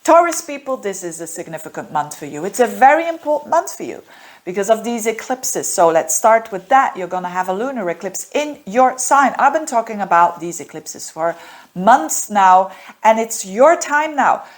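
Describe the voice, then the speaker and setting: A woman's voice: medium pitch, big pitch swings, moderate pace. A woman, a native Dutch speaker, reading monthly horoscopes as an astrologer, earnest and encouraging, with many fillers and restarts.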